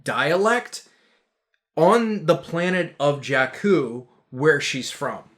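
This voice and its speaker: A man co-hosts a film review podcast in casual conversation. He stumbles over repeated words and restarts, working his way slowly toward each point. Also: fairly high pitch, big pitch swings, fairly bright tone. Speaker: podcast co-host.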